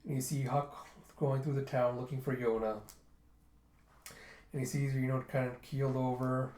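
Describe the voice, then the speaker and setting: A man talks through a story in an easy, offhand recap, pitched right in the middle for a man's voice. He keeps it loose and conversational with the odd "kind of" and "um", and the sound bounces around a roomy space. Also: level tone, moderate pace, a little mellow. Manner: loose, chatty retelling with fillers. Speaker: manga reader and reviewer. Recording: roomy echo.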